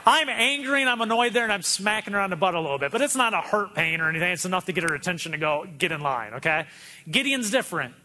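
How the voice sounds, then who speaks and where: A man's voice: high-pitched, lively intonation, quick pace, pushed and bright. A man in his thirties preaching a sermon in a conversational way, acting out quotes from his kids. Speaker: pastor. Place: church auditorium.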